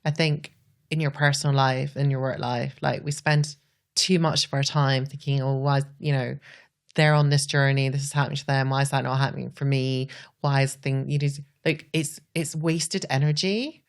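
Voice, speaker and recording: A woman's voice: a bass voice, fairly even intonation, normal speed. A Scottish woman, a podcast guest, talking earnestly and reflectively, often saying "like". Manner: earnest, says "like" a lot.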